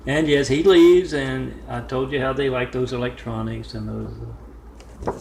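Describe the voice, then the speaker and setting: Man, amateur storyteller, meandering with lots of uh pauses, roomy echo. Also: mid-range voice, fairly even intonation, vocal fry, darkish tone. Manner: meandering, with many "uh" pauses and side remarks. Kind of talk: rambling home-made storytelling. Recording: echoey room with faint noise.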